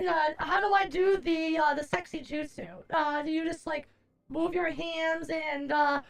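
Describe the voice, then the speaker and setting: A woman's voice: very high voice, gravelly, a bit bright. A woman streamer chatting casually from her desk, swearing a lot and ranting with theatrical mock fury. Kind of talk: casual livestream chat. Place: at a desk at home.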